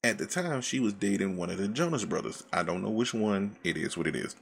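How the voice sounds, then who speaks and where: A man telling a casual, profane story from his old job, animated and laid back, full of slang. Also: fairly low pitch, brisk, gravelly. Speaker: storyteller recounting past work.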